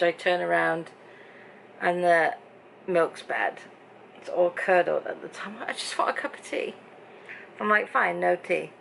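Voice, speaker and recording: Creaky and mid-range, the voice belongs to a middle-aged English woman from Britain filming a casual vlog at home in her bedroom. She tells her story to the camera in an exasperated, chatty manner over poor audio with slight background noise.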